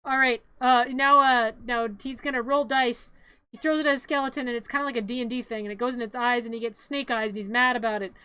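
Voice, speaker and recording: A woman's voice: a little high, quick pace, smooth, dry recording. A woman streamer giving a rambling, joking play-by-play of a film in a casual live stream. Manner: animated, rambling play-by-play with jokes.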